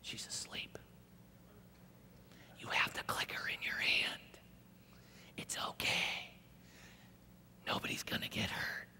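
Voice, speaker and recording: A man's voice: slow pace, long pauses, pushed and bright. A man voicing a sly, coaxing inner voice of temptation in a whispered role-play. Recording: echoey hall reverb.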